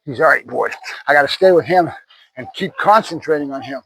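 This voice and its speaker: A man's voice: a little high, brisk, creaky, fairly bright tone, husky, no echo, poor audio. A man working as a dog trainer outdoors, talking to the camera while cueing and praising a puppy, often tagging "right?" on his points. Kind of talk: running commentary during training.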